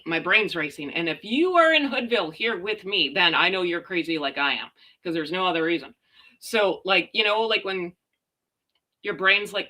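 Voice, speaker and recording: Loud chatty woman with a bright voice. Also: mid-range voice. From Canada. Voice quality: slight stutter. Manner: loud, chatty, jumps between viewers' comments. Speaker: livestream host. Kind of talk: casual livestream chat.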